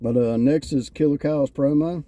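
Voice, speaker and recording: A man talks casually through a wrestling review. His voice is very dark and mellow, and he retells scenes with lively, animated quotes. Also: fairly high pitch, moderate pace. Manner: animated storyteller, acts out quotes. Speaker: podcast co-host reviewing wrestling. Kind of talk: casual chat.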